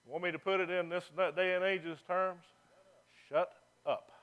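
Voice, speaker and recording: Man, pastor, high voice, sermon, loud scripture reading, low mocking asides. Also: flat delivery, moderate pace, smooth, phone-quality sound.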